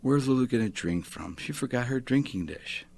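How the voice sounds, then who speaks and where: A man's voice: medium pitch, animated, normal speed, gravelly, a little mellow. A man reading aloud, voicing a small child who asks worried questions about a lost dog. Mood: worried, curious. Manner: eager, plaintive questions. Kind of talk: reading a poem aloud on radio.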